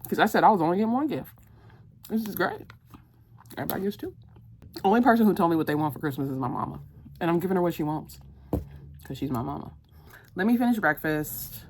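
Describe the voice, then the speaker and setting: A woman vlogging casually, chatty and laughing, who breaks off to tease her dog in a playful scolding voice;. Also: low voice. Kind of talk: casual vlog chat.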